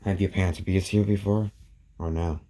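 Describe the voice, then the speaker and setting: A man reading a calm caring teen boy hero. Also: low-pitched, fairly quick, lightly acted.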